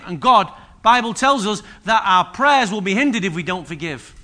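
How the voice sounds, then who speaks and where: A man preaching a sermon, acting out biblical speakers with sudden loud bursts. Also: high voice, normal speed, hardly any pauses. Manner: energetic preaching, voices biblical figures with sudden loud rises. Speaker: pastor.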